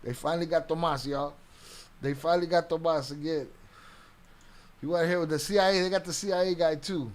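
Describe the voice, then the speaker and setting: Brief: high-pitched male streamer, profane and confrontational, live reaction commentary. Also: steady tone, brisk, long pauses. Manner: profane, confrontational ranting at a viewer.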